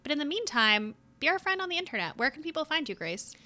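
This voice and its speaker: Bright-voiced young woman, podcast co-host, chatty book talk. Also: high voice, sing-song, fast talker. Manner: chatty, upbeat, many filler words. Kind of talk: casual chat about books.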